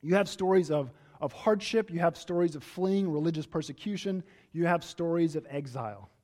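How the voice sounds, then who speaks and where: A man's voice: on the high side, moderate pace, darkish tone. A man, a pastor, preaching a conversational sermon in a church, telling stories with frequent restarts.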